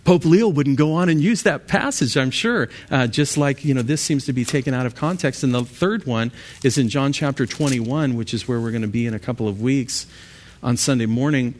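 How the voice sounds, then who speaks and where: Man, pastor, Bible study, conversational, restarts and fillers, mid pitch. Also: fairly quick, slight background noise. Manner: conversational, with many fillers, restarts and quoted scripture.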